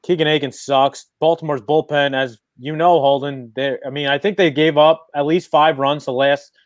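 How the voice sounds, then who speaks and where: A man with a slightly high voice giving betting picks bluntly and confidently, with casual swearing. His mic sounds close and dry. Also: fairly even intonation, normal speed, no echo. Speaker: baseball betting analyst.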